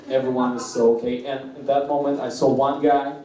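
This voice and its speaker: A man's voice: mid-range voice, level tone, dark tone. Giggly man with a Russian accent, echoey. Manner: halting, restarting phrases, giggling between lines. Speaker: stand-up comedian. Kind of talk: stand-up comedy set. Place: comedy club open-mic stage. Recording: echoey room, distant mic, faint noise.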